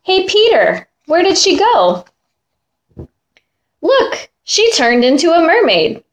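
A woman voicing an excitable, imaginative little girl in a storybook reading, with a squealing, gushing manner. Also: extremely high pitch, takes it slowly, pitched above the performer's own voice, full character voice. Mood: excited.

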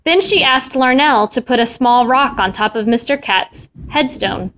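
A woman reading a children's story aloud with an expressive, melodic delivery. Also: fairly high pitch, a little slow. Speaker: storybook reader.

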